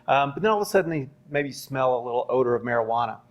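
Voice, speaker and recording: A man's voice: mid-range voice, lively intonation, racing. A man who trained police recruits, telling a long story at a live university panel, with lots of ums and "right?" checks. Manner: rambling, many ums and rhetorical "right?". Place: university event space. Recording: dull lo-fi sound.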